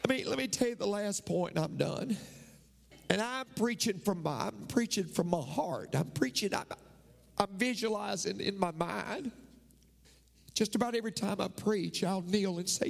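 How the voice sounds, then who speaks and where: Pastor guy preaching, voice kinda high, swings all over, long echo from the hall. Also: moderate pace, vocal fry. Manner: animated preaching that swings from hushed storytelling to near-shouting. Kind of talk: sermon.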